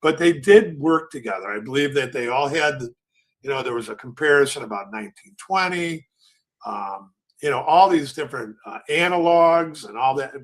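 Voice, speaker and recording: Speaking at normal speed with lively intonation and a medium pitch, an older man tells casual stories as host of a trading show. He rambles loosely and performs the quotes of floor traders.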